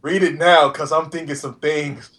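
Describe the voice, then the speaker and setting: A woman's voice: low voice, steady tone, moderate pace, a bit bright. A woman in the audience asking a question, brash and joking.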